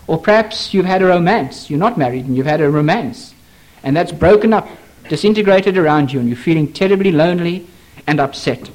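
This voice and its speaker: A man preaching a sermon, earnest and pleading, asking the listener questions directly and slowing down for emphasis. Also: expressive, darkish tone. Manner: earnest, pleading, dramatic swings in pitch and pace.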